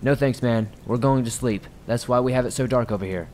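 Dude doing a tense husband, quick and curt, pretty normal voice. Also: male voice, mid-range voice, darkish tone, a little hiss or hum, lightly acted.

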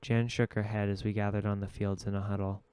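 A man reads a novel aloud in steady, measured narration. His voice is low and smooth, with a fairly flat line, recorded dry and close. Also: no room sound. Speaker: audiobook reader. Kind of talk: audiobook narration.

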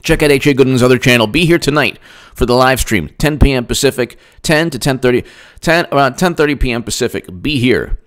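A man's voice: medium pitch, brisk, a bit bright. A man doing solo political commentary, ranting and sarcastic, mocking people in put-on voices.

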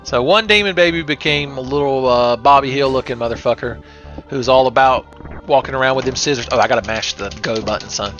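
With faint music playing behind him, a man talks briskly in a medium-pitched, fairly bright voice. He's a let's play host delivering crude, sarcastic, joking commentary on a retro horror game for laughs. The slightly dull lo-fi mic carries faint hiss.

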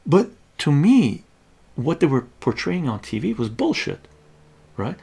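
A man, swearing freely as he spins a casual live-stream story. His voice is gravelly and a bit husky, and his pitch swings widely from line to line. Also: a little slow. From Iran. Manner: profane and animated, tags lines with "right?".

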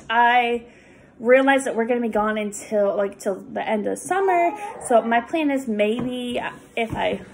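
A woman tutoring young readers, explaining reading rules patiently with many pauses and fillers. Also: on the high side, a little hiss or hum. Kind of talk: recorded lesson for students.

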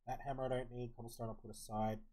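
A man's voice: medium pitch, level tone, quick pace, dark tone, a little hiss or hum. Man thinking aloud while gaming. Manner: mumbling to himself, thinking aloud. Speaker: streamer. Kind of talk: casual live-stream commentary while playing.

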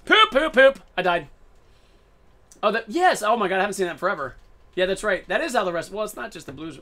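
Bright-voiced excitable male game streamer. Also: high voice, racing. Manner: excitable, playful, jokey running commentary. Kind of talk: casual live-stream gameplay chat.

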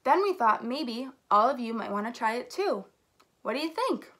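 A woman voicing an eager female state in a picture book who chimes in brightly. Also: a little high, very animated, moderate pace. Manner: chiming in brightly.

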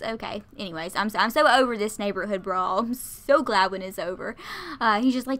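Bright-voiced chatty woman gamer. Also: medium pitch, a little fast. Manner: chatty, laughs often. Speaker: let's play host. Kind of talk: casual game commentary.

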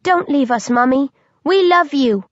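Woman voicing zombie baby chorus, high eerie childlike chant, storybook horror, dull lo-fi sound. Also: expressive, unhurried, no room sound. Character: horde of creepy undead zombie babies. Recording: dull lo-fi dry recording.

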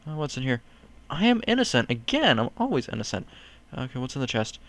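A man talks through a video game in casual, rambling commentary. He pokes fun at himself, breaks into quick excited yelps, and keeps up a friendly chatter. His voice is smooth and resonant, at an ordinary pitch. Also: dry recording. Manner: chatty, rambling, self-mocking, sudden yelps. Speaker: gaming YouTuber.

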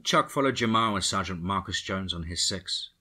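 Man, deep voice, forceful, husky, podcast story narrator. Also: normal speed.

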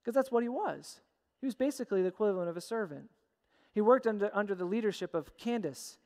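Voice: mid-range voice, animated, fast talker, a little mellow. A pastor preaching a sermon with emphatic, repeated phrases, recorded in a church sanctuary. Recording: long church hall reverb.

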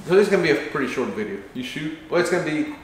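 A man's voice: a little high, very animated, racing. Guy walking a buddy through a video plan, acts out the lines, super echoey room. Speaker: channel host. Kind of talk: casual planning chat. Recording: very echoey room, faint noise.

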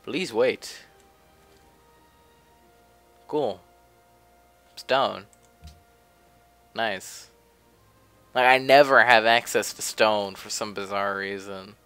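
A man's voice: fairly low pitch, steady tone, very slow, long pauses, fairly bright tone, smooth, soft background music. Offhand young man commenting on gameplay. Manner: offhand, chatty, grumbling. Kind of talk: casual let's play commentary. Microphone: desk mic.

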